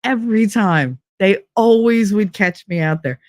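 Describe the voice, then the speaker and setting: A woman's voice: medium pitch, measured pace, dry recording, studio quality. A middle-aged woman hosting a podcast, telling casual stories with lots of swearing and laughter. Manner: profane, animated, laughs through stories. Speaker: podcast host. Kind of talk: casual storytelling monologue.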